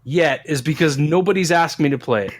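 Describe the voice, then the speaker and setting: A man's voice: a little high, brisk. A man co-hosting a casual gaming podcast, bantering and complaining in a teasing way. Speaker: podcast co-host.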